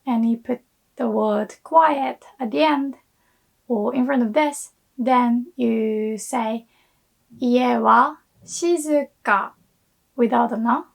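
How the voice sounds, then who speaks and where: Slow, gravelly-voiced woman teaching. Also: a little high. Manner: slow, careful repetition of example phrases. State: hoarse from illness. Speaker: Japanese language teacher. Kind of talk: language lesson explanation.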